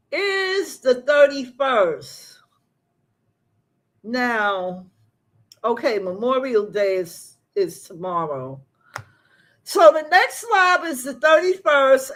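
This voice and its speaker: A woman's voice: sits high, fairly bright tone. A woman hosting a live show, telling stories in casual chat, laughing often and drawing out her exclamations.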